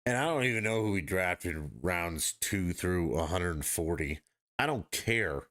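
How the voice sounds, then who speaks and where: A man's voice: low-pitched, lively intonation, measured pace, fairly bright tone. A man hosting a podcast, ranting bluntly and profanely in casual sports talk. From Denver area, United States. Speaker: podcast host.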